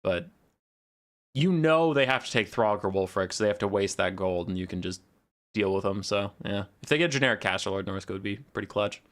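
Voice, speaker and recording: A man's voice: fairly low pitch, lively intonation, fairly quick, a bit bright. A young man casting a strategy game on a live stream, talking in a loose, rambling, sarcastic way. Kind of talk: casual live stream commentary.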